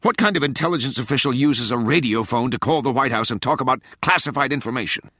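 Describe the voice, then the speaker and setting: A man reading an audiobook, voicing a raspy, cold, stern female presidential advisor who talks in a clipped, scolding way. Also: medium pitch, fast talker, pushed and bright, no room sound, studio quality, pitched above the performer's own voice. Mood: icy.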